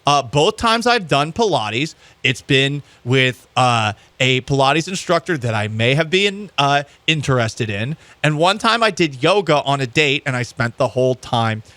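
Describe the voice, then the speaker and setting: Guy hosting a sports chat, joking about himself, bright tense voice. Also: medium pitch, big pitch swings, a little slow, hardly any pauses, no echo. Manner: rambling, self-mocking storytelling. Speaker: sports podcast host. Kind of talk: casual chat.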